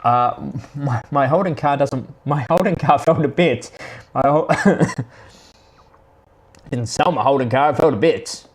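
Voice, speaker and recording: A man's voice: medium pitch, unhurried. Middle-aged aussie guy rambling thru old stories, lots of restarts and ums, easygoing chat. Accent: Australian. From Australia. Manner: rambling, self-correcting, chatty anecdotes. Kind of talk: casual storytelling monologue.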